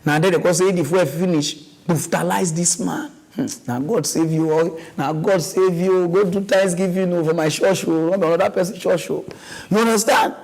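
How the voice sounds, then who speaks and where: A man with a Nigerian accent hosts a mock news segment in a loose, rambling comic rant. His voice sits high, and he talks in an animated, wandering way, slipping into pidgin. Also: normal speed, creaky, low-quality recording. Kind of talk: comic ranting commentary.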